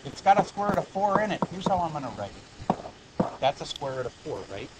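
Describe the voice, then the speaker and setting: A man's voice: a little high, big pitch swings, fairly quick, heavy background noise. Joking man teaching a math class. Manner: chatty, joking asides between explanations. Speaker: high school math teacher. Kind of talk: classroom lecture.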